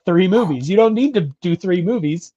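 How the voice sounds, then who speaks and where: Rambling through casual chat, this middle-aged co-host of a podcast keeps self-correcting and starting his sentences over in a chatty way. He has a warm, expressive high voice at normal speed; the lo-fi recording is dull, without room sound.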